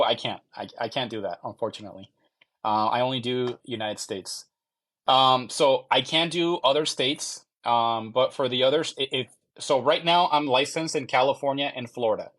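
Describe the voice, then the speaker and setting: A man's voice: medium pitch, a bit bright. Man repeating himself as he checks answers. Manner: halting, repeats phrases while checking answers. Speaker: mortgage loan officer. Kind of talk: live Q&A stream, reading viewer questions.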